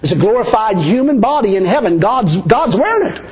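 A man's voice: sits high, very animated, a little fast, darkish tone. A man preaching a sermon as pastor, chuckling often and repeating words for emphasis. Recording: dull lo-fi recording.

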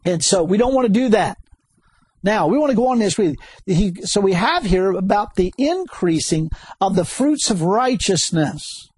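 A man preaching a sermon, animated and chuckling often, repeating key words and rising to sudden high exclamations. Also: normal speed, husky, no echo.

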